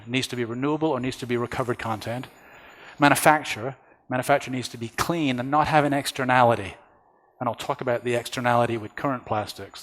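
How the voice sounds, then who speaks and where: A man at a conference podium talks through his slides in a measured, methodical way. His voice sits at an ordinary middle pitch. The sound carries a long hall reverb from the large room. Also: fairly bright tone. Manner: measured, explains slides step by step. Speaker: conference speaker. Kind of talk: conference presentation.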